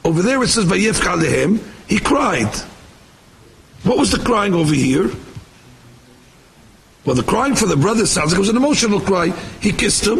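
A high-voiced man with a gravelly edge teaches a Torah sermon. He fires rhetorical questions and rattles off quotes at speed. There is a faint hiss under the voice. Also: very animated, normal speed, long pauses, poor audio. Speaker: rabbi giving a Torah class. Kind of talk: Torah sermon mixing English and Hebrew.

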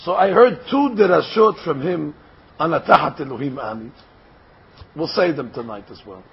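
An older man giving a Torah lecture, speaking in a deliberate, explanatory way and posing rhetorical questions before answering them. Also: on the high side, animated, vocal fry, breathy edge. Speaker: Torah teacher. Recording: dull lo-fi recording.

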